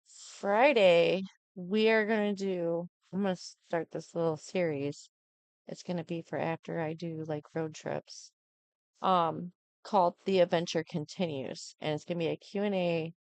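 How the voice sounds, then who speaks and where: A middle-aged woman talks casually to her live stream viewers, rambling along with plenty of ums and asides. Her voice sits a bit low. The sound is dry and close. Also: a little mellow, no room sound. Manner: rambling, chatty, with many fillers.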